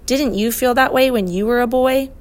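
Woman reading as a young girl, candid, gentle, earnest, storybook, slightly raised pitch. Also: normal speed, natural voice.

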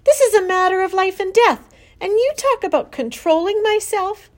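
A woman voicing a passionate, stubborn eight-year-old farm girl in a storybook read-aloud, crying out in shrill pleas. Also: lively intonation, moderate pace. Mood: distraught, pleading. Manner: shrill pleading cries.

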